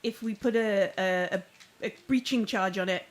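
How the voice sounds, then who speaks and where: A woman's voice: mid-range voice, moderate pace. A woman narrating as game master of a tabletop game from home, describing scenes in a chatty, rambling way. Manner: descriptive, chatty, full of fillers.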